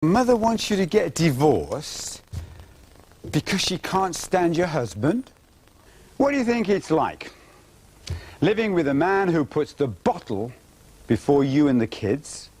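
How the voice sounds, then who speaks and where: A man delivering a slow, confronting rundown of someone's life in a submitted clip. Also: on the high side, big pitch swings, a little mellow, a little hiss or hum.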